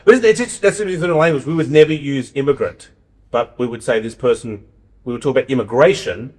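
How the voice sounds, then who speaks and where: A man's voice: mid-range voice, fast talker, a little mellow. A middle-aged Australian man telling stories in a casual podcast chat, often restarting his phrases. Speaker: guest.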